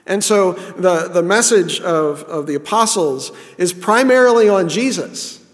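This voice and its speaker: A man's voice: high-pitched, animated, measured pace, in a large hall. A man preaching a sermon in an earnest, repeating way, often restarting his sentences. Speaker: pastor.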